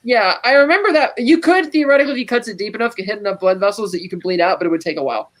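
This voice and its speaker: A woman's voice: mid-range voice, rapid-fire. A woman hosting a podcast, casually recapping a film scene and acting out the characters' lines. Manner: animated retelling, acting out quoted lines. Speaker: podcast host.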